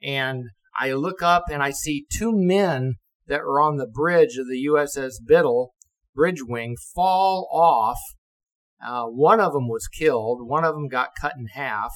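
A man's voice: mid-range voice, unhurried, low-quality recording. Older man, retired navy officer, casual storyteller who swears and laughs. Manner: lively, acts out quotes, swears and laughs.

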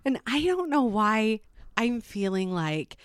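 A mother telling a personal story to camera in a casual, animated way, with rambling asides and frequent laughs. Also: a little high, slow, smooth, dry recording, studio quality.

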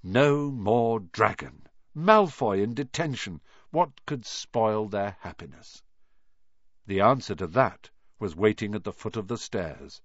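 A man reading a story aloud in an expressive, lively way. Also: on the low side, takes it slowly, no echo. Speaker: reader. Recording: dull dry recording.

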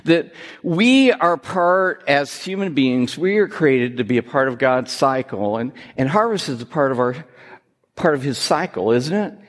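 A man preaching a sermon, telling jokes and gently teasing himself and his listeners. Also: medium pitch, unhurried. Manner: joking, self-teasing, lively. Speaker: pastor. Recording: reverberant hall.

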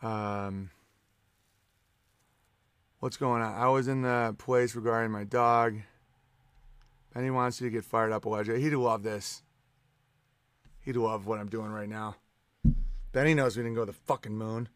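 A man's voice: lowish voice, steady tone, unhurried, pauses often, fairly bright tone, clean tone, no room sound. A man hosting a live stream, reading out chat messages and ranting in a profane, sarcastic and combative way.

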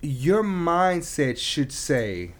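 A man's voice: on the high side, big pitch swings, drawn-out words. A man talking earnestly in a casual discussion, building to emotional emphasis as he makes his point.

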